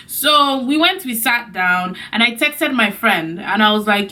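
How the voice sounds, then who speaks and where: A young woman vlogger telling a story to her camera in a casual, animated way, acting out the people she quotes. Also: a little slow, far from the mic. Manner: animated, acts out quotes with big pitch jumps.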